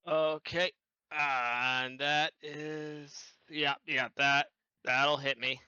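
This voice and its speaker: Slow, crisp male player. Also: fairly high pitch, flat delivery, pushed and bright, no echo. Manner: slow and careful, working out his numbers. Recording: dry, dull lo-fi mic.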